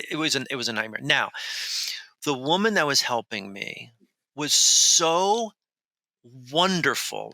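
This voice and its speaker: A man speaking as a guest author in a podcast interview, telling a story in an animated, rambling way with many restarts. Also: mid-range voice, vocal fry, dry recording, poor audio. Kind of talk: conversational storytelling.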